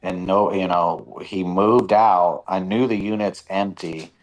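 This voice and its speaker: A man in casual chat, telling stories in a profane, animated way. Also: sits low, slow, poor audio. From Nevada, USA.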